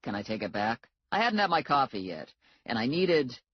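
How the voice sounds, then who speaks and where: A woman voicing a man, a dry, teasing boyfriend who speaks low and deadpan. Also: normal speed, highs cut off, a little hiss or hum.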